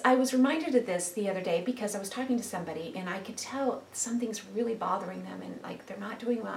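A woman with a mid-range voice talks about faith in an earnest, reflective way, using lots of fillers and restarting her sentences. She's a Christian sharing reflections in a casual faith talk. The mic is distant and her voice drifts a bit off it, in an echoey room with slight background noise.

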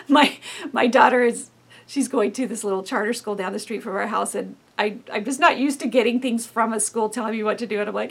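A woman in her thirties giving a devotional teaching in a lively, expressive way, acting out inner voices and often dropping to soft, hushed tones. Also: a little high, a little fast, breathy edge. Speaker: speaker giving a devotional talk.

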